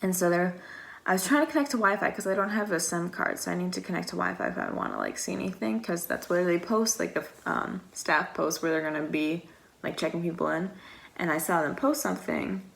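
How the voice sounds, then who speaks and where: A woman's voice: fairly low pitch, very animated, a little fast, creaky, a bit bright. A young woman from the United States telling a long story in a casual, rambling vlog style, with lots of "like" and acted-out quotes. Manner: rambling and chatty, heavy use of "like"; acts out quoted exchanges. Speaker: vlogger.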